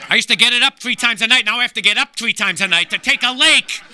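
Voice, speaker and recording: A man performing a stand-up comedy set as guest comedian, gruff and wisecracking, slipping into voices. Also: very high-pitched, fast talker, pushed and bright, a little hiss or hum. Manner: gruff, wisecracking storyteller who slips into voices. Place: small live venue.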